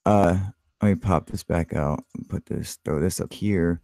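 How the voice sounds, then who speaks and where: A man's voice: deep voice, measured pace, creaky, darkish tone, no room sound, clean studio sound. Profane, easygoing man hosting a live chat. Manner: loose, heavily profane, narrates his computer actions aloud. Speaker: live stream host.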